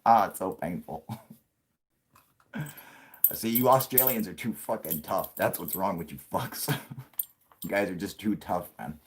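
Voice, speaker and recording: A man's voice: deep voice, unhurried, long pauses, husky. A man hosting a casual late-night livestream, talking in a rambling, profane way and laughing often. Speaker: livestream host.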